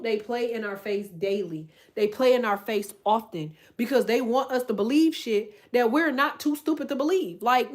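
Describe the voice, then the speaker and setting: Profane, animated woman ranting. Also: fairly high pitch. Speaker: content creator. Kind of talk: casual rant to camera.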